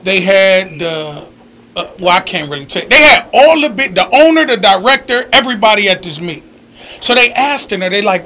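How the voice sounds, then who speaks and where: A man hosting a call-in show, telling stories in an animated, emphatic way with bursts of shouting. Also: sits high, normal speed, slight background noise. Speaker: radio show host. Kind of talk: casual call-in chat.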